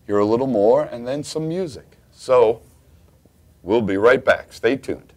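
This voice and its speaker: A man's voice: mid-range voice, expressive, unhurried. A man hosting a casual interview chat, keeping it moving with short encouraging replies. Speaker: host.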